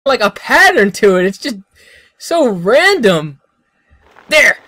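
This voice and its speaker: High-pitched yelping male gamer. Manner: yelps, shouts and laughs, swears often. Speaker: gaming YouTuber. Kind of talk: excited let's-play commentary.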